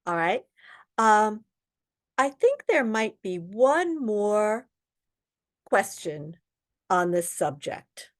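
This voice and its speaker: A female real estate exam instructor runs an online prep lesson, reading test questions aloud and explaining answers with frequent ums. Her medium-pitched voice is sing-song, stretching words out with long pauses.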